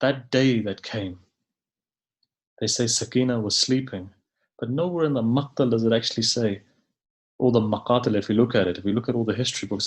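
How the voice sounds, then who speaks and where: A man preaching a mournful sermon in a mid-pitched voice, neither high nor low. He tells the story slowly and with grief, leaning on long dramatic pauses. At the most painful moments his voice sinks nearly to a hush. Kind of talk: mournful majlis sermon narration.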